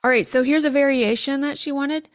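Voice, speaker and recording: A woman's voice: sits high, steady tone, fairly quick, dry recording, clean studio sound. A woman teaching phrases in a live-streamed language lesson, chatty and laughing at literal translations.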